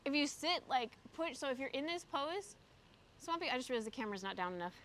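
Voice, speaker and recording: A woman's voice: sits high, big pitch swings, quick pace, fairly bright tone. A young woman streaming live from a windy park by a pond, chatting casually and reading out messages from her chat as she does yoga, recorded on a phone camera. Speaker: streamer doing yoga outdoors.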